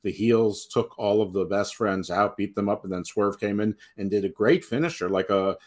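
A man co-hosting a casual chat, throwing in dry jokes and quick comments. His voice is on the low side.

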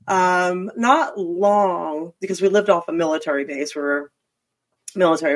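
Chatty self-mocking woman guest. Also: sits low. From Philadelphia area, US. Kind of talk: casual interview chat.

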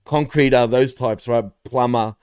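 A man's voice: medium pitch, steady tone, a little slow, a little mellow, clean tone, no room sound, studio quality. A man co-hosting a show in casual chat, talking loosely with lots of slang fillers. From Greece. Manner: loose and slangy, peppers talk with "bro" and "like". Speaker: podcast co-host.

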